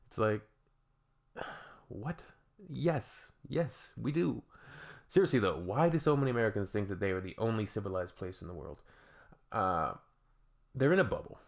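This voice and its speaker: A man hosting a reaction channel, chatting casually in a laid-back, sarcastic way. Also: lowish voice. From Canada.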